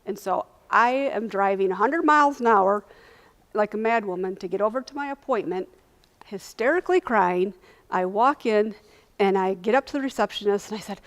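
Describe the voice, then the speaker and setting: Woman, earnest storyteller, animated retelling, lunch talk speaker. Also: mid-range voice, normal speed. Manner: earnest, animated retelling, acting out quoted voices. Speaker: invited speaker sharing lived experience.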